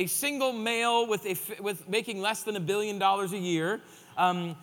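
A man's voice: very high voice, sharp tone, big-room sound. A man preaching a sermon in a conversational way, with joking asides. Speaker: pastor.

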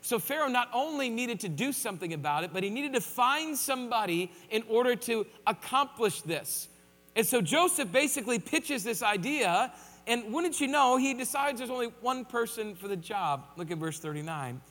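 A man's voice: very high voice, lively intonation, normal speed, fairly bright tone, in a large hall. A man preaching a sermon in a conversational way, with joking asides. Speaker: pastor.

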